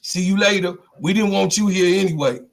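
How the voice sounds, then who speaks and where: A man with a Chicago accent hosting a casual livestream, talking loosely and shouting out his viewers. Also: sits high, brisk, creaky. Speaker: livestream host. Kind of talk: casual live-stream chat.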